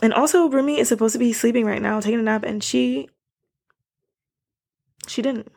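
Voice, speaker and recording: A woman's voice: on the high side, normal speed, vocal fry, a little mellow. A young woman hosting a podcast, chatting casually to listeners and ranting animatedly with slang. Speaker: podcast host.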